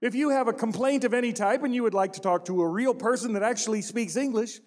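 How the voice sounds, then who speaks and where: A man imitating an automated phone menu voice that rattles off options in a flat, mechanical way, heard with a long hall reverb. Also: extremely high pitch, quick pace. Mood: droning.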